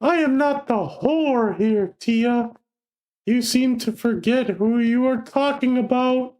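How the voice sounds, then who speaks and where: A woman reading aloud the lines of a domineering male romance hero in her own voice, flat and stumbling. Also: on the high side, slow pace. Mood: cold.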